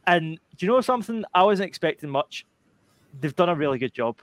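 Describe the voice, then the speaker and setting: A young man talking at a quick clip, piling one clause onto the next with fillers and restarts. He is a panelist on a gaming podcast, recorded on a close mic in a dry, dead room. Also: a little high, no room sound. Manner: rambling, animated storytelling with many fillers and restarts. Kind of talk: casual chat.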